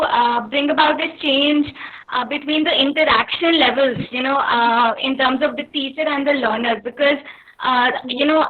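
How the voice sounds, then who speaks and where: A woman politely asks a question on a webinar, hesitating with many fillers. Her high voice comes through a tinny, phone-like video call line. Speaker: webinar participant asking a question. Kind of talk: webinar discussion.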